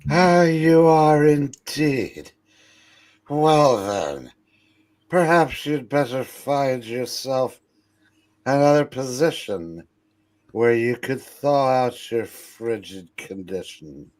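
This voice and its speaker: A man voicing a stingy, grumpy old miser as he reads a comic book aloud, in a gruff, scolding manner. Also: mid-range voice, lively intonation, takes it slowly, a little mellow, voice pushed up.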